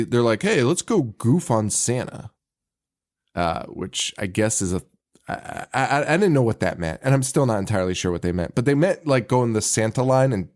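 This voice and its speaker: Animated man laughing through casual chat. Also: fairly low pitch. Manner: animated, laughing, swears freely. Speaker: podcast co-host.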